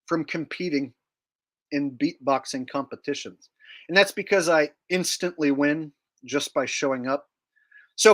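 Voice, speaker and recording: A man hosts a casual livestream and talks slowly, taking his time over each phrase. His voice sits a little high, and he delivers his over-the-top boasts in a flat, deadpan way. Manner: deadpan mock bragging, joking. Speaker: livestream host.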